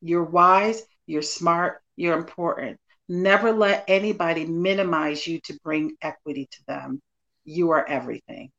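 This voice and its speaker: A woman's voice: on the low side, unhurried, a bit bright, muffled recording. Encouraging woman minister as podcast guest. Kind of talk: podcast interview chat.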